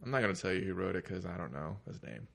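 Deep gravelly man, rambling casual talk. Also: animated, fast, a bit bright. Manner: rambling, hesitant, lots of fillers. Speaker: podcast co-host. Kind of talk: casual chat.

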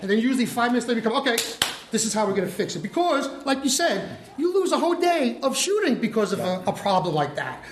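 An older man with a notably high voice tells lively stories as a guest filmmaker, acting out the lines of the people in them. The sound has a roomy echo. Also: fast. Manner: animated, acts out quotes. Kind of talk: casual storytelling chat. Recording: roomy echoey room.

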